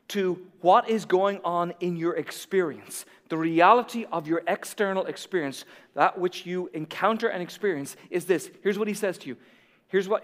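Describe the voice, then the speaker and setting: A middle-aged man preaching a sermon as a pastor, swinging between soft, quiet asides and emphatic, building peaks. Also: sits high. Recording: long reverb of a large hall.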